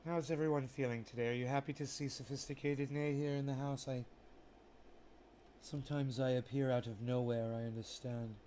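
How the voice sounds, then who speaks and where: A man hosting a casual livestream, using an affected, proper English-sounding persona. He talks in a theatrical, self-mocking way, narrating his own work and chiding a quiet chat with drawn-out repetitions. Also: mid-range voice, fairly even intonation, slight background noise. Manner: drawn-out repetitions and mock indignation. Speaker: livestream host.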